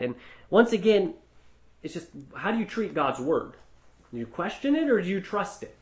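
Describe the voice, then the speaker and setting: A man's voice: high-pitched, big pitch swings, normal speed, reverberant. A man preaching an expository Bible teaching in a conversational way, with rhetorical asides and frequent restarts.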